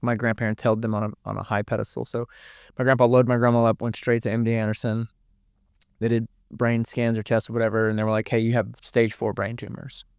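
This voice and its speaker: A man's voice: fairly low pitch, darkish tone, clean tone, dry recording, clean studio sound. A young man, telling a painful family story as a podcast guest in a rambling, emotional way, with many restarts and curse words. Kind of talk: candid personal storytelling.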